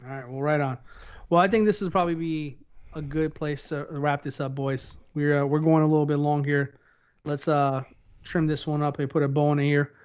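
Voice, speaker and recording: A man's voice: fairly high pitch, flat delivery, moderate pace, darkish tone, smooth. Blunt male podcast host, muffled audio. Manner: blunt, teasing, challenges the others. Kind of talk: casual panel chat.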